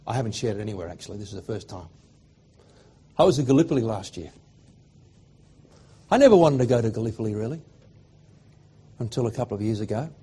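A middle-aged Australian man preaching a sermon, swinging from loud fervent declarations to hushed, emotional storytelling. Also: on the low side, expressive, fast, pauses often, husky.

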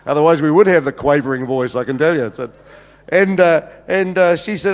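A middle-aged senior pastor with a fairly high, expressive voice tells humorous stories in a sermon at normal speed, pausing often. Fillers crop up throughout, and long reverb fills the church hall.

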